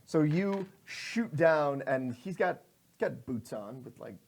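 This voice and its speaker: A man narrating as game master of a tabletop game, lively, slipping into quick voices for his characters. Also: fairly high pitch, gravelly.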